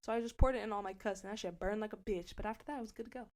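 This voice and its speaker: A young woman co-hosting a podcast, telling a story casually with lots of swearing and loud acted-out quotes. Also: medium pitch, racing. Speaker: podcast co-host.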